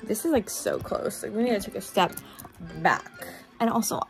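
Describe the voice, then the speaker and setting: A woman's voice: big pitch swings, moderate pace. A young woman talking casually to her phone camera in a rambling, self-deprecating vlog, with faint music behind. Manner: rambling, bubbly, self-deprecating, sing-song swings in pitch. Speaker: vlogger. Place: home and car.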